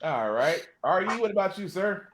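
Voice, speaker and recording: A man hosting a podcast in casual, animated chat, joking with his co-hosts. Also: high-pitched, a little hiss or hum. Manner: animated, laughing, quick teasing banter. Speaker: podcast host.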